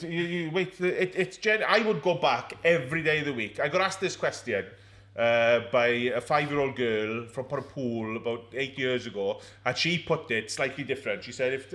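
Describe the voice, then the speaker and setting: A man's voice: medium pitch, a bit bright. A man, a former rugby player and co-host, bantering and teasing with frequent laughter. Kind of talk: casual banter.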